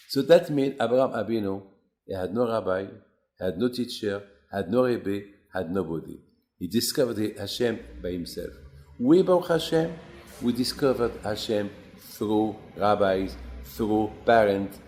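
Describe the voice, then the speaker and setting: Animated storytelling man. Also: measured pace, reverberant. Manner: animated storyteller, acts out quotes with rising pitch. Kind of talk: Torah class storytelling.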